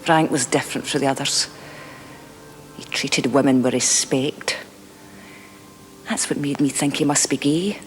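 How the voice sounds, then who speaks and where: An actress playing a wistful middle-aged Glaswegian wife, slow and confiding, in a scripted sitcom. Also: female voice, rumbling low, steady tone, soft background music, rough recording.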